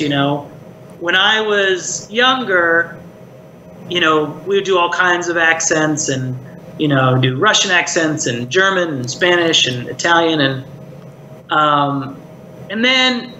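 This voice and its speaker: Middle-aged male puppeteer, casual reflective interview talk, slightly high, roomy recording with faint hiss. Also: sharp tone. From Maryland, United States. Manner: chatty, reflective, lots of "like" and "you know". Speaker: puppeteer and voice actor, guest.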